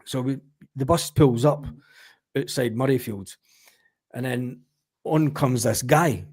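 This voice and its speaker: Husky Scottish man telling stories. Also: mid-range voice, slow pace. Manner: animated storyteller, swears freely. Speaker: podcast guest or panelist. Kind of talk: casual chat, anecdotes.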